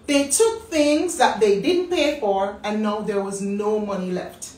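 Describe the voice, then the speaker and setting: A woman in her thirties with a Jamaican accent, telling a personal story in a lively way and acting out what people said. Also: mid-range voice, unhurried. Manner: animated storyteller acting out quotes. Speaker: business talk host. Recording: roomy, distant mic.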